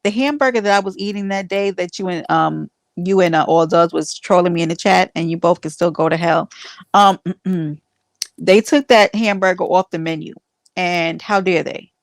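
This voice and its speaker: A woman hosts a casual livestream, her voice on the low side at a normal speed, with no room sound. She chats with her viewers and teases them with playful mock outrage, rambling along with restarts and fillers.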